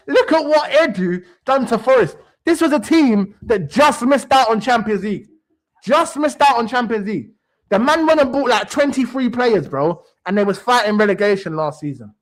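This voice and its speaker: A young man, hosting a football livestream and ranting heatedly, swearing and repeating his points. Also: very high-pitched. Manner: animated, swearing, repeats phrases for emphasis. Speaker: sports stream host.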